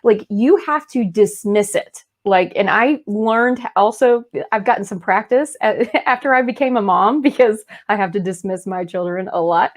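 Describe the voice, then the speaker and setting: Speaking at a moderate pace with hardly any pauses, a thirties-aged woman co-hosts a casual podcast. She's chatty and quick to laugh, and slips into squeaky voices to make a point.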